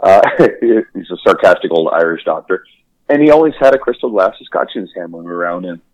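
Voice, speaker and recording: A man co-hosting a podcast in casual chat, enthusiastic and quick to laugh, swearing freely. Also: sits low, expressive, no room sound, dull audio. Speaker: podcast co-host.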